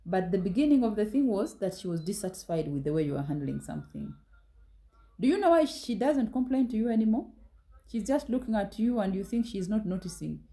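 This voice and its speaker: A woman's voice: medium pitch, warm tone, poor audio. A woman giving a talk on relationships, direct and reproving, firing pointed rhetorical questions at her listeners. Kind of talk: scolding motivational talk.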